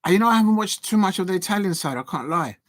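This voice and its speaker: Excitable man calling a match. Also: high-pitched, very fast, no echo, studio quality. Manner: excitable, cheers and pleads at the action, chatty asides. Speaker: football fan channel host. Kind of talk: live fan watch-along commentary.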